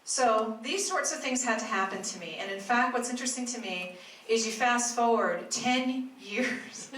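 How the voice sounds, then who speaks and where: A woman's voice: a little high, moderate pace, fairly bright tone. Woman telling stories in an echoey room. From Arizona, US. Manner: chatty storytelling with asides to the listeners. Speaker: health practitioner giving a talk. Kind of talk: talk to a live audience. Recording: echoey room, mic at a distance, faint noise.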